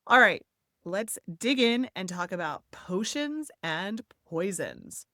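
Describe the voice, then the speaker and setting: A woman narrates a history podcast from a script, leaning into words with playful, theatrical emphasis and drifting into chatty asides. Her voice sits mid-pitched and is recorded dry and close, with no room around it. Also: very animated, slow pace, bright, forceful tone, no room sound.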